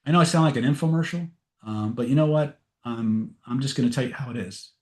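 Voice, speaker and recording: A man's voice: medium pitch, fast talker, darkish tone. A man teaching an online webinar on persuasion techniques in a conversational way, with frequent fillers, restarts and frank asides. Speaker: NLP and hypnosis trainer.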